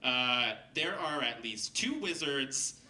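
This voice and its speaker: A man telling a funny personal story on stage to a live audience, lively and laughing as he goes, acting out the people he quotes. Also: mid-range voice, slow, echoey room, recorded from a distance, slight background noise, poor audio. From Seattle. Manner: animated, laughing, acts out quoted voices.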